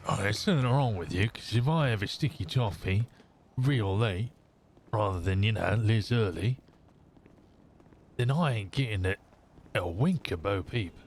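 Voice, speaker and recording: A man's voice: lowish voice, expressive, moderate pace, pauses often, a little hiss or hum. A man voicing a brash, swearing East End Londoner with a put-on Cockney accent who slips rhyming slang into role-play chat. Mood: cocky. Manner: swaggering, drops rhyming slang. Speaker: streamer's character.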